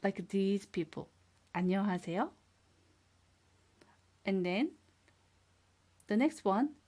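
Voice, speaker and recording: A woman teaching a beginner language lesson, speaking slowly and clearly, repeating each word and praising the learners. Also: mid-range voice, animated, warm tone. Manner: patient, drills words twice and praises learners. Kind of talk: slow, clear classroom instruction.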